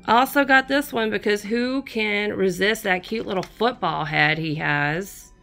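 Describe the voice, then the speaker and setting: A woman with a drawl talks slowly and fondly about each thing she bought. She chats casually and sometimes turns aside to speak to her cat. Quiet music plays faintly underneath. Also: medium pitch, creaky. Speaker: crafting channel host. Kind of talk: casual haul show-and-tell.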